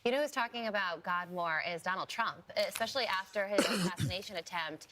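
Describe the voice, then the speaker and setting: A woman's voice: mid-range voice, fairly quick, background noise. Bubbly female morning show co-host. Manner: bubbly, laughs often. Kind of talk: casual chat.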